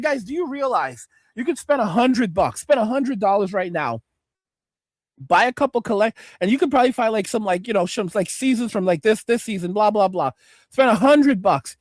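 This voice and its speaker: A man with a very high voice for a man, ranting in exasperation and swearing constantly as he reacts to videos on stream. The sound is dry and close, with no room around it. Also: no echo. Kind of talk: profane reaction rant.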